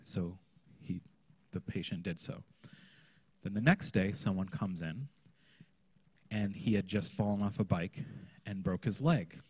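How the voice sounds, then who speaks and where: A man's voice: low voice, a little slow, long pauses, a little mellow, husky, dry recording. A man, a children's pastor, teaching a workshop session in a conversational way, often checking in with his listeners. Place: conference room.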